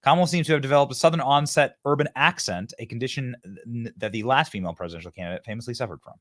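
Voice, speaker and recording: A man's voice: mid-range voice, rapid-fire, a bit bright. A man hosting a political commentary show, reacting to clips in a mocking, sarcastic way and laughing often. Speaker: host.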